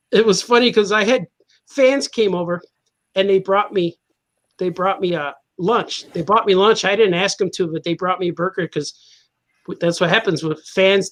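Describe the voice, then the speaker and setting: A man's voice: sits high, a bit bright. A man, a cartoonist guest on a podcast, telling a casual anecdote, laughing often and acting out the people in his story.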